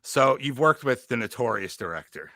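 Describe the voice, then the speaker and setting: A man's voice: mid-range voice, expressive, moderate pace, pushed and bright, no room sound, clean studio sound. A man hosting a casual interview with a playful, easygoing manner. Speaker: host.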